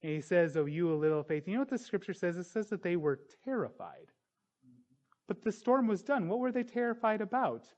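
A man preaches a sermon in a high, light voice. He tells stories and throws himself into the voices of the people in them. The recording is dull and lo-fi. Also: fairly quick. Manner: storytelling, animated voices in retold scenes.

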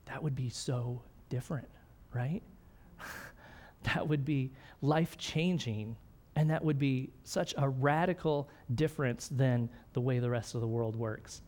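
Middle-aged male pastor, relaxed conversational sermon delivery. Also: mid-range voice, measured pace. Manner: conversational preaching, frequent "right?" and "okay?", light laughs.

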